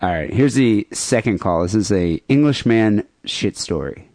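A man's voice: fairly low pitch, lively intonation, unhurried, darkish tone, no echo. A man hosting a podcast in loose, joking banter. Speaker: podcast host. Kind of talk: casual podcast chat.

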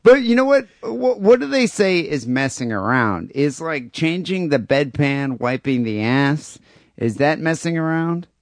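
A man's voice: fairly high pitch, lively intonation, measured pace, no echo, clean studio sound. A man co-hosting a podcast, talking crudely and rambling in casual banter, often laughing. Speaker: podcast co-host.

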